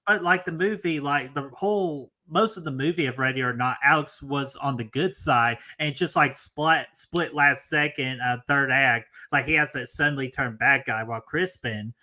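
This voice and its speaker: A man's voice: mid-range voice, moderate pace, few pauses, sharp tone. A man co-hosting a casual live-stream movie debate, talking with many fillers. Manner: filler-heavy, lots of "like", laughs easily.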